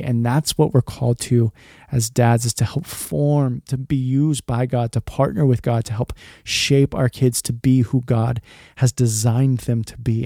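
A man in his thirties hosts a faith podcast for dads, giving a heartfelt monologue in a mid-range, gravelly, mellow voice. Choked up and emotional, he talks earnestly and rambles, often saying "man." The recording is clean studio sound with no room sound.

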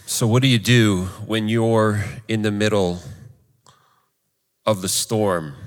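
A man's voice: fairly low pitch, fairly bright tone, in a large hall. A male pastor preaching a sermon in an earnest, conversational way.

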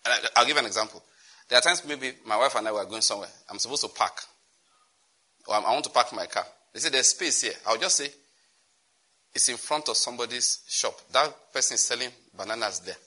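A man's voice: mid-range voice, a little fast. A middle-aged man with a Nigerian accent preaching a teaching sermon, telling stories, acting out dialogue and laughing along. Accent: Nigerian English. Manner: animated storytelling, laughs and acts out dialogue.

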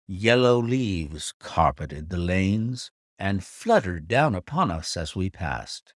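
Low-voiced guy reading an audiobook, measured storytelling, dry close sound. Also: very animated, no room sound. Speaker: audiobook narrator. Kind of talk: scripted narration.

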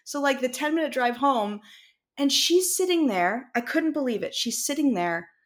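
A woman co-hosting a podcast, telling a casual story about her child with quick asides and acted-out dialogue. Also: high-pitched, lively intonation. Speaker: podcast co-host and mother.

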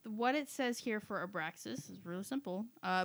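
A woman reading tarot cards aloud for friends. She goes carefully, with small hesitations. Her voice is mid-pitched and sounds dry and close. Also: normal speed, dry recording. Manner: reads card text carefully, hesitant. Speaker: tarot card reader. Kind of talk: casual chat among friends.

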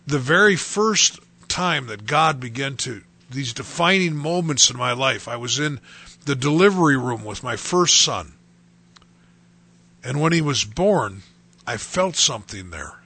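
A man in his sixties, a pastor telling his personal testimony in a halting way, often repeating words and restarting. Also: mid-range voice, gravelly, bright, forceful tone, husky.

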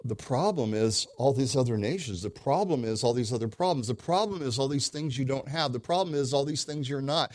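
A man preaching a sermon as pastor, with emphatic repetition that moves between quiet earnest passages and loud insistent ones. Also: medium pitch, lively intonation, fairly quick, few pauses, no room sound.

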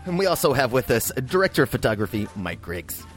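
A man's voice: medium pitch, big pitch swings, fast talker, faint music behind. A man co-hosting a film podcast, rambling and laughing in casual chat. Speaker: podcast co-host.

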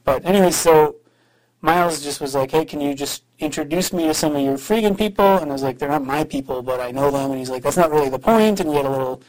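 A man's voice: on the high side, quick pace, darkish tone, low-quality recording. A man host leaving a rambling, hesitant voice message for his show, full of fillers and restarts.

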